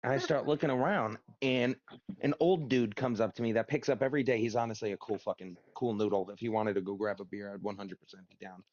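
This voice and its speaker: A man's voice: fairly low pitch, fast talker, a little mellow, dry recording, highs cut off. Rambling, profane man on voice chat. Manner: rambling, profane storytelling with many restarts. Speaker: gamer telling a story to friends. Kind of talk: casual chat over a game session.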